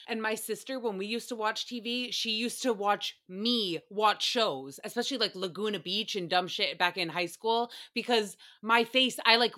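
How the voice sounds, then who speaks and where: A woman's voice: mid-range voice, pushed and bright. A young woman hosting a casual solo podcast, gushing and giggling as she swears freely through a recap. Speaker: podcast host.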